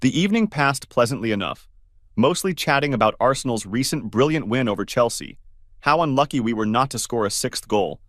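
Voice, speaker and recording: A man's voice: animated, fairly quick, a bit bright, no echo, clean studio sound. A man reading a first-person story aloud and voicing every part himself. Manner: reads every part himself, raising his pitch for alarmed questions. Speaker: narrator.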